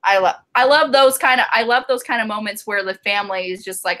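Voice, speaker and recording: A woman's voice: medium pitch, fairly quick, pushed and bright. A woman co-hosting a casual romance book discussion, gushing and laughing often. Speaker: book club co-host.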